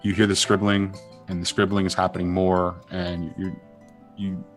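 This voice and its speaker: Deep-voiced man running a tabletop game. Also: flat delivery, faint music behind. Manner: rambling, halting, many fillers and restarts. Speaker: game master.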